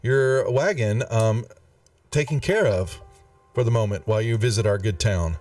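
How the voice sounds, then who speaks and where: A man's voice: fairly low pitch, moderate pace, a little mellow, lightly acted. A man voicing a lean, balding human shopkeeper in his fifties who greets strangers with formal politeness. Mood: welcoming. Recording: distant mic with faint music.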